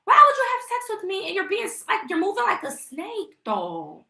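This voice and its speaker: A woman's voice: extremely high pitch, huge pitch swings, moderate pace, sharp tone, roomy sound. A young woman venting emotionally on a casual livestream, rambling and indignant. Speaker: vlogger live-streaming.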